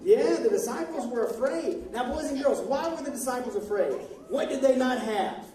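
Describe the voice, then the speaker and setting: Woman children's ministry teacher, high pitch, animated and coaxing, distant in a reverberant hall with kids around. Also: normal speed. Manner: animated, coaxing, prompts lines for children to repeat. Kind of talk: directing a children's Bible skit. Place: large echoey church hall with children. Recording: echoey hall, distant mic, children chattering.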